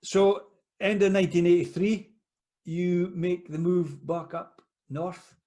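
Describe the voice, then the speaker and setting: A man's voice: high voice, fairly even intonation, takes it slowly, dark tone. A man hosting an interview, asking stumbling, hesitant questions. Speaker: host. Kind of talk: casual interview.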